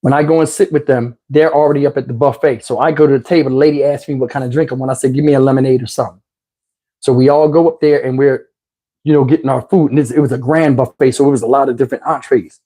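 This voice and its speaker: Male storyteller, husky, animated and foul-mouthed, acts out the other voices. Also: mid-range voice, quick pace. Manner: animated, profane, acts out every voice. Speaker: channel host. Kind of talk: comic storytime monologue.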